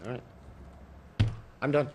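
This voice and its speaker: A man chatting on a talk show panel, hedging with fillers. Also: measured pace. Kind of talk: casual panel discussion.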